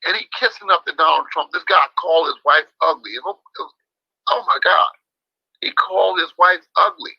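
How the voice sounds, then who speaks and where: A man's voice: on the high side, brisk, vocal fry, slightly rough, dry recording. A man talking as an interview guest, emphatic, repeating himself for stress. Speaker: boxing trainer, interview guest. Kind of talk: casual interview talk. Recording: dull lo-fi dry sound.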